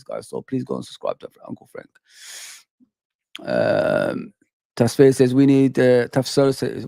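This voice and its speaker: A man's voice: fairly high pitch, gravelly, no echo, studio quality. Chatty, slangy male live-streamer. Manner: chatty, slangy, gives lots of shout-outs; repeats phrases and restarts often. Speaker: football fan channel host. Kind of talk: casual live-stream chat, reading viewer comments.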